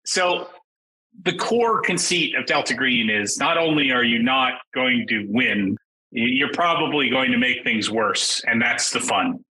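This middle-aged game designer, a podcast guest, speaks at a measured pace and medium pitch over poor audio. He's casual yet animated, acting out quotes with abrupt leaps into a raised voice.

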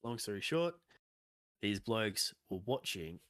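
Low-voiced Australian bloke, dry sound. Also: male voice, expressive, a little slow, a bit bright, no echo. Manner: sweary, rambling storyteller. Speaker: podcast co-host. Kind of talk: casual chat.

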